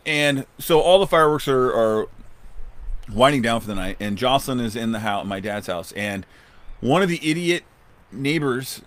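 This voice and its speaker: A man in his thirties co-hosting a podcast, telling a story in casual chat and acting out the quotes loudly. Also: medium pitch, expressive, normal speed. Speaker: podcast co-host.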